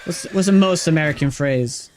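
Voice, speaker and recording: A man live-streaming a video game, chatting casually with viewers, greeting and thanking them between quick reactions to the game. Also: fairly high pitch, a little mellow, a little hiss or hum. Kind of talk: casual live-stream chat while gaming.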